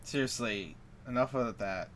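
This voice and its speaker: A man's voice: mid-range voice, animated, normal speed, a bit bright, a little hiss or hum. A man giving casual commentary as he plays a game, rambling and correcting himself as he goes. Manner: rambling, self-correcting asides. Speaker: let's player.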